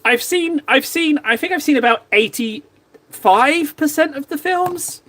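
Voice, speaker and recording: A man casually chatting to his stream viewers while painting models, joking around and sometimes mock-shouting at them. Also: extremely high pitch, animated, unhurried. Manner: playful, jokey, mock-shouts insults at viewers. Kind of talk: casual live-stream chat.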